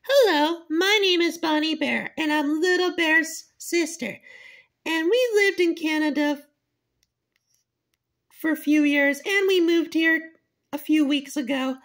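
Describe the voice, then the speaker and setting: A woman voicing a little girl bear cub who whines and pleads, in a fan-made cartoon. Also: high-pitched. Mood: chatty. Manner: whiny, pleading, quick to cry out.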